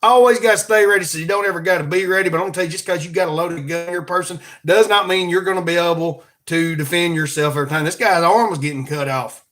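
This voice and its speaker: A man's voice: sits high, fast talker, few pauses, fairly bright tone. A man with an Alabama accent hosting a podcast in a folksy, rambling, joking monologue. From Alabama, USA. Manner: folksy, joking, plugs merch. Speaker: podcast host.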